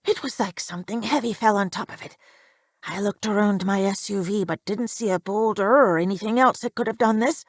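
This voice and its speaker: A woman's voice: on the high side, a little fast, no echo, studio quality. A woman narrating a first-person horror story, reading it with tense, emphatic delivery.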